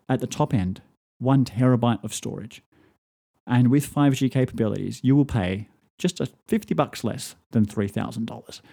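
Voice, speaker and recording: A male podcast host talks through his topic in a loose, chatty monologue. His voice is mellow and warm and sits at an ordinary pitch. He keeps slipping in dry, joking asides. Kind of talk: casual tech podcast monologue.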